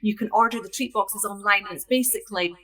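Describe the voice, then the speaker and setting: A Scottish woman co-hosts a relaxed crafting chat over a video call from her craft room; she runs a craft kit business and is friendly and inclined to wander off topic. Her mid-range voice comes fast, pushed and bright, and the audio is poor.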